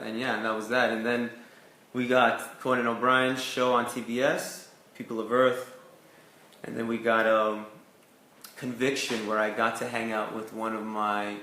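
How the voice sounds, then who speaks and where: A man's voice: on the low side, sharp tone, echoey room, slight background noise. A young man from Canada, an actor telling his career story in a casual interview, full of "like" and "you know". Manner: chatty, lots of "like" and "you know" fillers. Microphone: video call.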